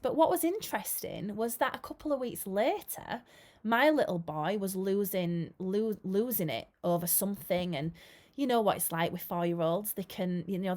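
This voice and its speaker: A woman's voice: mid-range voice, a little mellow. A woman in her forties, an early years teacher, giving an earnest, chatty training talk to camera, with lots of "you know" fillers.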